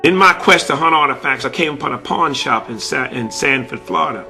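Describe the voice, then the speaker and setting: A man's voice: mid-range voice, lively intonation, brisk, gravelly, pushed and bright, faint music behind. A man telling a story about a conversation he had while collecting artifacts, repeating "he said" as he retells it. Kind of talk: spoken storytelling.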